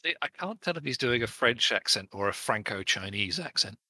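Playful man with a lively, bright voice. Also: medium pitch, fairly quick, breathy edge, dry recording. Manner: playful, joking. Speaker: player. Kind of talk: casual tabletop game play over voice chat.

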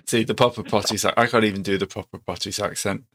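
A man's voice: lowish voice, fairly even intonation, quick pace, background noise. A man with a Stoke-on-Trent accent, running a tabletop game in a laid-back, casual way. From Stoke-on-Trent, England. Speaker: game master.

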